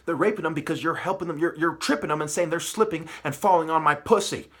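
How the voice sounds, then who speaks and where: A man delivers a profane, preachy spiritual rant. His voice sits a little high and has a sharp, forceful edge. He drops into low mutters and then climbs back into yelling. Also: fast talker. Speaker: channel host.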